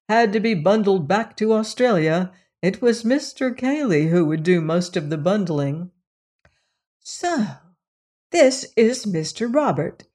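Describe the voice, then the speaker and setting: Woman with a lowish voice narrating a novel. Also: darkish tone. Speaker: audiobook narrator. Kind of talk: scripted narration.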